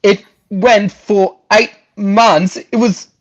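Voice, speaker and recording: Casual male guest, jokey and rambling, somewhat high voice, muffled lo-fi sound. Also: steady tone, slow pace. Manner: rambling, jokey, repeats himself. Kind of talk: casual chat.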